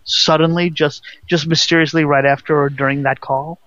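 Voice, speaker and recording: A man's voice: a little high, level tone, pushed and bright, no room sound, highs cut off. A man co-hosting a casual radio show, joking and cutting in with questions. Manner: joking, interrupting, quick questions. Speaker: radio co-host.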